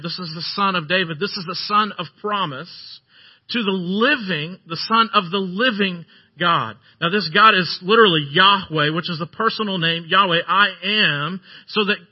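A man's voice: sits high, slightly rough. A male pastor giving a sermon, earnest and emphatic, repeating phrases to drive points home. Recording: dull lo-fi sermon recording.

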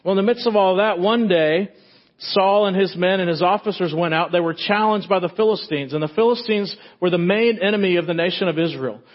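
A man's voice: high voice, brisk, lo-fi sound. A man pastor preaching a sermon in a church, retelling a story in a casual, joking way.

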